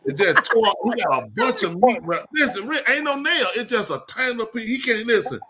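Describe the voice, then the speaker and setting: A man's voice: very high voice, lively intonation, a little fast, a crowd in the background. A man telling a rambling, slangy comic story to a live audience. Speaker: comedy show host.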